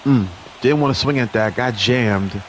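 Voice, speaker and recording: A young man giving play-by-play commentary over a baseball video game, chatty with viewers and lively on big plays. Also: mid-range voice, a little slow, slight background noise. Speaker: gaming channel host.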